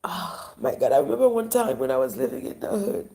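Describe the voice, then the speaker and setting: A woman with a Haitian accent delivering a rambling, emotional monologue. She sighs often and swings between loud talk and whispers. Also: medium pitch, sing-song, fast, vocal fry. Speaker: vlogger.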